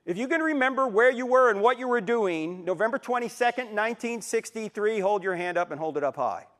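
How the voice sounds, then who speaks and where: Animated man in his sixties lecturing. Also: sits high, fairly quick. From New Jersey, USA. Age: 60s. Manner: animated storyteller, acts out quotes and jokes. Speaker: Christian apologetics speaker. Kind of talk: live lecture to an audience. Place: university auditorium with a live audience.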